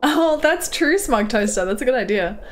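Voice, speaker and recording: A woman's voice: a little high, lively intonation, moderate pace, a little hiss or hum. A young woman streaming a farming game, chatting casually, reading her chat aloud and giggling often while playing. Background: game music.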